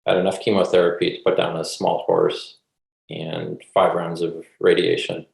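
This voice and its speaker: A man from Canada sharing his cancer story on a video call in a relaxed, conversational way. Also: sits low, normal speed, creaky, reverberant, poor audio. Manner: relaxed, conversational, frequent ums. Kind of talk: casual personal testimony.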